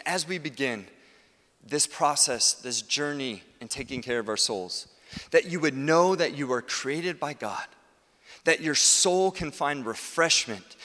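Male pastor, earnest sermon delivery, forceful peaks, bright tone, reverberant sanctuary. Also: mid-range voice, moderate pace. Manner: earnest, builds to forceful emphasis. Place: church sanctuary. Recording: long reverb from a large hall.

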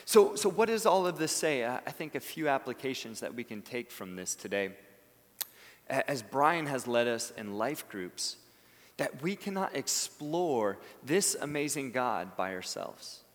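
A male pastor delivers a sermon in an earnest, pleading way. His voice sits in a middle pitch, climbing to emphatic bursts and then falling to near-whispered phrases. The sound carries a long reverb, as from a church sanctuary. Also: lively intonation, a little slow. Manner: earnest, building to emphatic peaks then dropping soft.

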